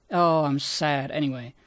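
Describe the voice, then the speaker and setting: A man with a somewhat squeaky, fairly bright voice rambles casually about his own old videos, running himself down and swearing often. There's no echo on the recording.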